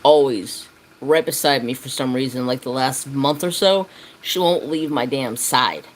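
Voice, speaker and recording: A man's voice: medium pitch, unhurried, slight background noise, rough recording. A man hosting a casual crafting livestream from his home craft room, rambling loosely and swearing now and then.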